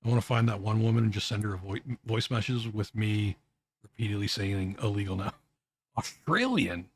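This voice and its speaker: A man streaming casual reaction commentary, halting and often restarting his words with little chuckles. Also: fairly low pitch, husky, no echo.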